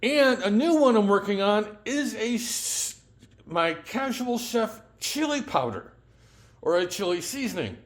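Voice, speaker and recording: A man's voice: high voice, very animated, unhurried. A man hosting a daily home cooking vlog, chatting casually and rambling a little, often correcting himself and chuckling at his own slips. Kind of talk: casual chat.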